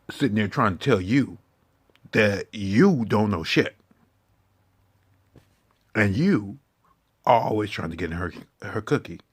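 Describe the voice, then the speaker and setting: A low, gravelly male voice with a husky edge, delivering a preachy, confrontational rant full of profanity. His pitch swings widely as he lectures and scolds the listener. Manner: preachy, confrontational, heavy swearing. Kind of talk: impassioned profane monologue.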